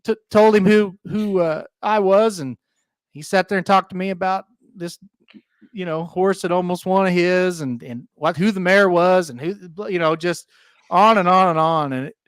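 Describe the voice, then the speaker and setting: A man's voice: high-pitched, moderate pace, clear, resonant tone, dry recording. A man co-hosting a betting podcast, telling a rambling story in casual chat with many fillers. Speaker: co-host.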